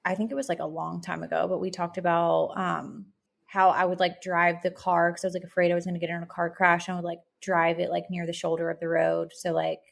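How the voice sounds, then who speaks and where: Podcast co-host, woman in her thirties, low and gravelly, reflective and rambling. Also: flat delivery, brisk. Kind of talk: casual podcast chat.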